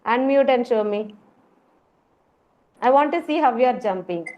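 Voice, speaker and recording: Over muffled video-call audio with a noisy background, a woman with an Indian English accent teaches a preschool class online. Her voice is on the high side with lively intonation at normal speed, and she keeps calling out to encourage the children.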